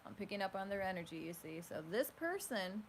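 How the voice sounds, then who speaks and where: A woman's voice: mid-range voice, expressive, fairly quick. Woman, tarot reader, casual rambling talk, lots of fillers, faint fan noise. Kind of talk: casual tarot reading to camera. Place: home room with a fan running. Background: faint fan hum.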